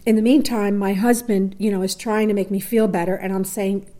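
Woman telling a lively personal story. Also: medium pitch, a little fast. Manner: lively, acts out quoted voices, drops to near whispers. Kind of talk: personal story told to a listener.

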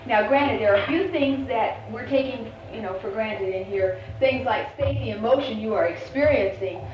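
A woman's voice: on the high side, normal speed. A woman leading a live seminar on family communication, talking with her audience in a conversational way and acting out quoted family scenes. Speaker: seminar leader. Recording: echoey lo-fi room recording with faint hiss.

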